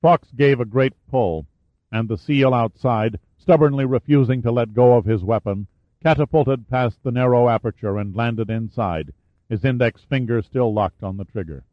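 A man's voice: mid-range voice, moderate pace, no echo, lo-fi sound. Man narrating a thriller audiobook.

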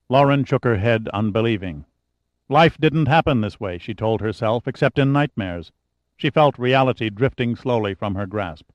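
A man's voice: mid-range voice, expressive, normal speed, no echo. Man narrating a thriller audiobook. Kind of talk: scripted narration. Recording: dry, slightly dull audiobook recording.

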